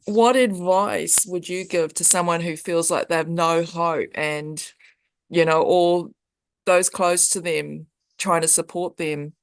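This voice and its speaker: A New woman hosts the interview in a supportive, affirming way and laughs easily. Her voice sits low for a woman. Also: steady tone, slow, clear, resonant tone. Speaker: interview host. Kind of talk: warm interview conversation.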